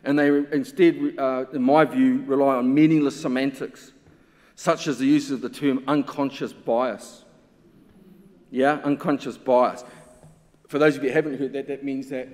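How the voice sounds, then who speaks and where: A man speaks at a symposium with blunt, emphatic conviction. His voice sits at an ordinary middle pitch. It rings out with a long reverb trail through a large hall. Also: mellow. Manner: impassioned and emphatic, with pointed rhetorical questions. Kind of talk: conference talk.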